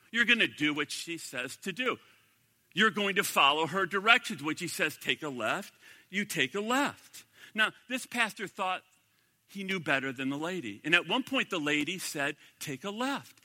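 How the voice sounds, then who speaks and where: A man's voice: high-pitched, lively intonation, moderate pace, sharp tone, long reverb tail. A man preaching a sermon as pastor, emphatic and repeating his key phrases.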